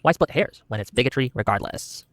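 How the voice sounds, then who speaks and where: A man's voice: mid-range voice, brisk. A man hosting a live online debate show, reading donations and joking lightly. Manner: lively, reads donations, light jokes.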